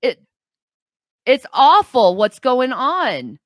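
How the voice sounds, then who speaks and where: A woman's voice: high voice, big pitch swings, very slow, a bit bright, dry recording. Blunt woman streamer, sweetheart-calling. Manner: blunt, swears, calls guests sweetheart and hon. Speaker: host of a live call-in stream. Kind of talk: live stream call-in chat.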